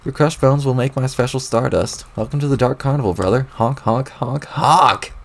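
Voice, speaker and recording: A man voicing a menacing, unhinged male troll clown, with a slow, lowered, sinister drawl while reading a webcomic aloud on stream. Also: creaky, a little mellow, lightly acted.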